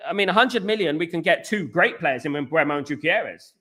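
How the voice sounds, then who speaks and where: A man on a live fan stream, sounding off about his club and reading out viewers' comments. His voice is bright and forceful and sits a little high for a man. He rants with strong opinions and circles back to repeat his points. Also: expressive, fairly quick. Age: adult. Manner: ranting, repeats himself, opinionated. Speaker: football fan channel host.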